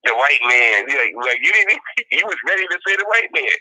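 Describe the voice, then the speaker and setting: A man's voice: mid-range voice, fairly quick, rough recording. A man co-hosting a casual talk show, reacting to a played clip and repeating his points with emphasis. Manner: animated, repeats points, mimics quotes. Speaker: podcast co-host.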